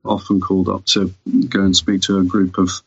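A man's voice: low voice, completely flat delivery, a little fast, gravelly, breathy edge, dry recording, highs cut off. A young British man talking as a podcast guest, with dry, self-deprecating humour, recording from inside a wardrobe. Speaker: podcast guest, course writer. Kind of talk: casual chat, remote guest.

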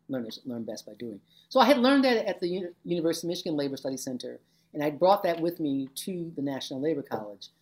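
An older woman looking back on her years as a labor educator in an interview, animated, acting out the voices of people in her stories. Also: low-pitched. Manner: animated storyteller, acts out quoted voices. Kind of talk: reflective oral-history interview.

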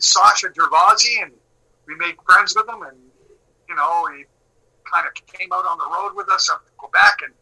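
A middle-aged man telling a long story in casual talk, animated and swearing, acting out what people said. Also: high voice, low-quality recording. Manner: animated, swearing, acts out quotes.

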